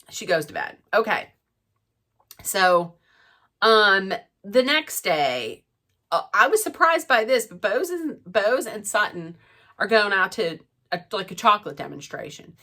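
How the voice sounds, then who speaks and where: Middle-aged woman, unhurried and chatty reality-TV recapper with a bright tone. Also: medium pitch. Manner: chatty, gossipy, animated retelling with asides. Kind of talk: casual recap chat.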